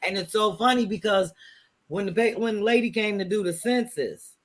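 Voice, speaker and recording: A middle-aged woman with a St. Louis accent tells stories in a relaxed interview. Her voice sits low for a woman. She acts out the people she quotes. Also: normal speed. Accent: St. Louis, Missouri. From St. Louis, Missouri. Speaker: guest, comedian. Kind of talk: casual interview chat.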